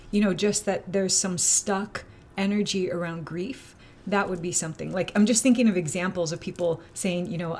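A woman of medium pitch talks through a retreat announcement in easygoing chat. She rambles and leans on fillers like "um" and "you know" as she thinks aloud. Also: a little mellow, slight background noise. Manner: chatty, rambling with many fillers. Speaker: retreat host. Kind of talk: casual chat.

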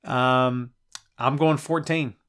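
A middle-aged man hosting a live show, reading out chat messages and wisecracking in an animated, conversational way. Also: mid-range voice, slow, clear, resonant tone. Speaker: podcast host.

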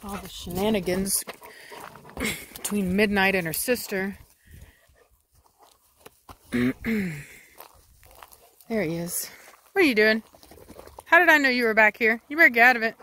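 A woman's voice: medium pitch, expressive, measured pace, long pauses, bright, forceful tone, a little hiss or hum. A woman, a dog breeder talking casually to camera while firmly shushing and commanding her dogs. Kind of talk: casual vlog narration.

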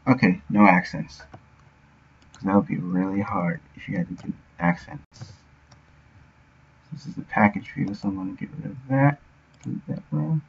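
Thinking aloud while he works on a game on stream, this man speaks at normal speed in a lowish voice with vocal fry, pausing often as he mutters and sounds words out. The audio is dull and lo-fi, with some slight background noise.

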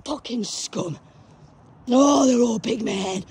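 A woman ranting profanely outdoors in a graveyard, shouting at unseen enemies on a phone camera. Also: high-pitched, big pitch swings, moderate pace. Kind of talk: ranting spiritual vlog.

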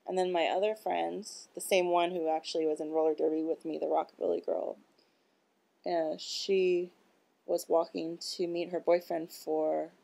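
A woman with a low, husky-edged voice and a gravelly fry runs through a loose, stream-of-consciousness monologue. She talks bluntly and swears freely, with plenty of filler words. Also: darkish tone. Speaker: vlogger. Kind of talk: rambling casual monologue.

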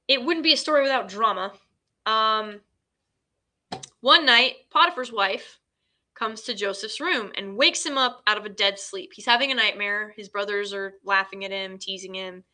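Chatty woman with a bright voice. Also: a little high, measured pace, pauses often. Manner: chatty, filler-heavy, retells scenes in quoted dialogue. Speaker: host. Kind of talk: casual film recap.

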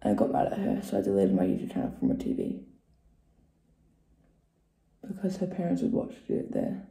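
A woman talks through her makeup routine in a loose, joking way and slips into whispers now and then. Her voice is very dark and mellow with a gravelly fry. She sounds echoey, as if recorded in a bare room at home. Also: a bass voice, wildly swooping pitch, normal speed. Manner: chatty and joking, often dropping to a whisper. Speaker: beauty vlogger. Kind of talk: casual makeup tutorial chat.

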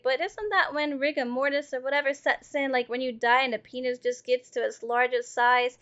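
A woman streamer giving casual, profane gameplay commentary, chatting with viewers and breaking into laughs and loud outbursts. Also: high voice, steady tone, fairly quick, few pauses, smooth. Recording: dull lo-fi stream audio with faint music.

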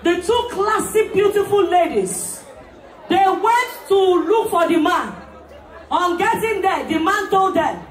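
A woman, the MC at a party, telling a story loudly and playfully with lots of laughter. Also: extremely high pitch, lively intonation, unhurried. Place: large party hall. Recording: echoey hall from far off, crowd.

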